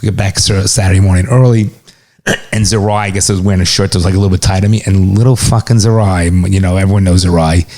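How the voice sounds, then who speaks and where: A middle-aged man co-hosting a podcast in casual, relaxed chat, swearing freely. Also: low voice, fast talker. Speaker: podcast co-host, father.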